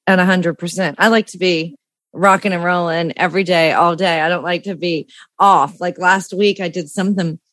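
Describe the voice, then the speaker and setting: A woman's voice: fairly low pitch, steady tone, normal speed, fairly bright tone, no room sound, studio quality. A woman in her fifties hosting a casual chat, telling stories with gushing enthusiasm. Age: 50s. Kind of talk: casual conversation.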